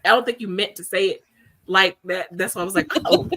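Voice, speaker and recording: A woman's voice: mid-range voice, fairly quick, over a noisy crowd. A woman co-hosting a livestream, chatting casually and teasing the others playfully. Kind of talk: casual live-stream chat.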